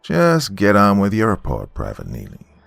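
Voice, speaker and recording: Guy doing a gruff grumpy sergeant, scolds, super deep and gravelly, dry sound. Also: moderate pace, dry recording, full character voice. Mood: stern. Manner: stern, scolding. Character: gruff, short-tempered male first sergeant.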